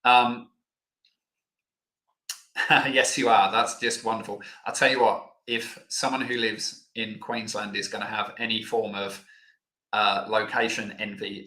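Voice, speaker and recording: A man's voice: fairly low pitch, pushed and bright, reverberant. A man hosting a live online Q&A lesson, chatty and loose, with plenty of fillers. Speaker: health educator host.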